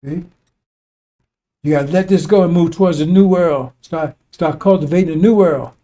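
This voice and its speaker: A man's voice: on the high side, normal speed, dark tone. A man giving an informal preaching monologue, talking conversationally and drilling his points with repeated asides like "see?" and "right?". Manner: repetitive, emphatic drilling of points. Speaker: religious commentator.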